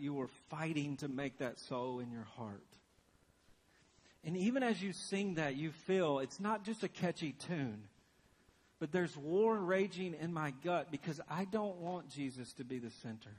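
A man preaching a sermon as pastor, earnest and urgent, dropping to a hushed intensity for emphasis. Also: fairly high pitch, animated, a little slow, slightly rough, big-room sound.

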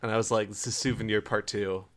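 A man's voice: fairly low pitch, little pitch movement, fast, fairly bright tone, a little hiss or hum. A man co-hosting a podcast in casual chat, making dry, blunt remarks. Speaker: podcast co-host.

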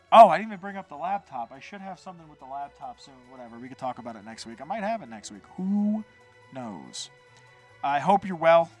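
A man's voice: a little high, no echo. Casual male podcast host, rambling storyteller, mid voice, dry close mic, faint music under. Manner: rambling, animated storytelling with profanity.

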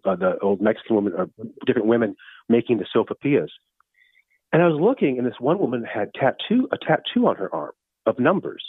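A man in his fifties with a lowish, slightly rough voice tells stories as a guest, rambling casually and restarting often. The recording has no echo but sounds tinny, like a phone line.

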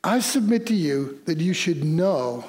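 Animated high-voiced male pastor preaching. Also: measured pace. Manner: animated storytelling with quoted dialogue and laughs. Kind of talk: sermon. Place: church.

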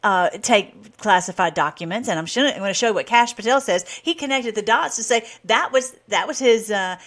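Excitable woman hosting a commentary show. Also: brisk. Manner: excitable, laughing, pitch jumps when worked up. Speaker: online show host. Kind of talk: casual commentary over played clips.

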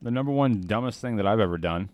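A man's voice: on the low side, lively intonation, quick pace, a little mellow, no echo. A man in casual chat who reacts with groans and exclamations and hesitates when starting his own story.

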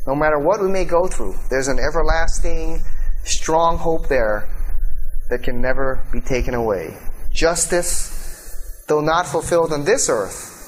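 A man's voice: a little high, a little hiss or hum, low-quality recording. A man teaching on heaven and hell in an earnest, conversational preaching style, often adding "you know" asides. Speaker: host and Bible teacher. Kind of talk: sermon-style teaching talk.

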